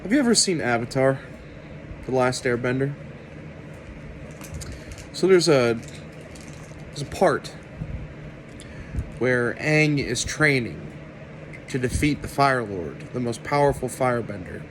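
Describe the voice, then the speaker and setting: A man delivering an opinionated commentary rant to his viewers, sarcastic and deliberate. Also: mid-range voice, lively intonation, a little hiss or hum, low-quality recording. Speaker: video commentator.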